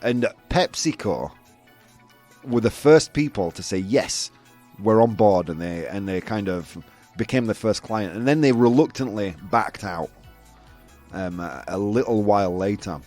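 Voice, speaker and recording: A man's voice: on the low side, animated, measured pace, a little mellow, faint music behind. A man with a Yorkshire accent hosting a casual show, chatting loosely with lots of fillers and laughs. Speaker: host. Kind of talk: casual live show chat.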